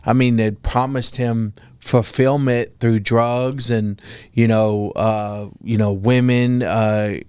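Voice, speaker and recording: A male podcast host sums up his guest's story in a slow, measured interview style. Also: mid-range voice, flat delivery, a little mellow, clean tone, dry recording.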